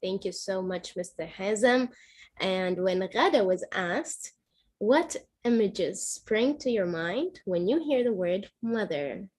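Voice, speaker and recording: A woman hosting a club meeting, introducing speakers slowly and teasing playfully. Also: medium pitch, expressive, a little mellow. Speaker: meeting host.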